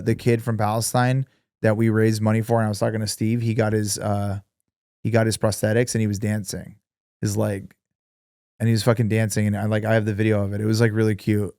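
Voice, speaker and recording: Speaking with a fairly low, mellow voice that barely moves in pitch, this podcast co-host rambles through a casual chat at a moderate pace, swearing heavily. The audio is a clean studio recording without any room sound.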